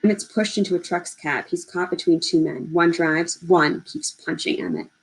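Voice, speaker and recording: A woman reads a novel aloud, measured and steady, in a lowish voice. Short lines land one after another in an even telling. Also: poor audio. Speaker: audiobook reader.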